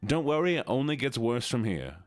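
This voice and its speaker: A man's voice: mid-range voice, very animated, a little fast, no echo. A tired but playful man streaming live, greeting his chat one by one. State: a bit tired. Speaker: livestreamer.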